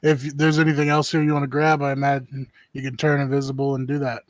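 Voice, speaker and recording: A man's voice: medium pitch, monotone, fast talker, no room sound. A man playing in a tabletop game, talking through his reasoning in a laid-back, casual way. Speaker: player.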